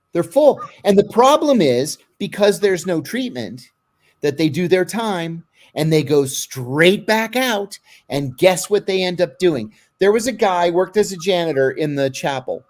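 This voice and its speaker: An interview guest with a darkish, slightly high voice shares blunt, vivid stories. He performs the quotes of the people in them, bringing their words to life.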